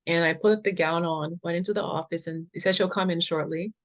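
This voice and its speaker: A woman's voice: on the low side, fairly even intonation, brisk. Emphatic woman telling her story. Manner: earnest, emphatic, laughs between points. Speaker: health foundation founder as guest. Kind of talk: personal storytelling in an interview.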